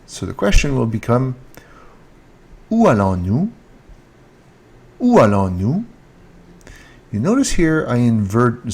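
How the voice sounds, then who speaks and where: A man with a low, husky voice teaches a French lesson at an unhurried pace. He repeats each word several times, lifting it for emphasis, in a casual, talk-to-camera manner on a handheld mic. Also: a little mellow. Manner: slow, repeats French words with rising emphasis. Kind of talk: casual online language lesson. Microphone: handheld mic with earphone monitor.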